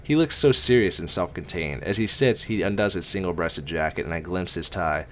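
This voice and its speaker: A man's voice: sits low, brisk, a bit bright. A man reading a novel aloud in a casual amateur way, with wry asides and casual swearing.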